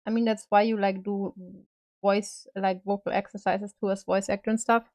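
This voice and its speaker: A woman's voice: medium pitch, level tone, normal speed, a little mellow. Rambling woman streamer chatting while painting. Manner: rambling, loose, with many fillers and casual swearing. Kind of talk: casual live-stream chat while painting a figure.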